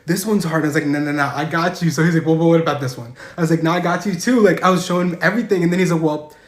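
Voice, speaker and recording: A young man races through funny personal stories at a quick clip, recorded in a roomy, echoing space. He talks in a casual storytime way and keeps climbing into shrieking, animated highs whenever a punchline lands. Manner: fast, animated, voice shooting up high and loud at punchlines. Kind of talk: comedic storytime monologue.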